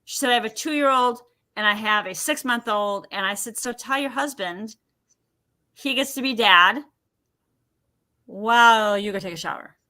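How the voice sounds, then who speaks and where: On the high side and at normal speed, a woman emotion healer talks as a podcast guest. She tells personal stories animatedly, voicing the words of the people involved.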